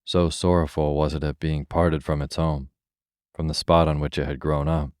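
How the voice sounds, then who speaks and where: Very deep, mellow male bedtime storyteller. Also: level tone, normal speed, clear, resonant tone, no room sound, studio quality. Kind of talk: scripted bedtime story narration.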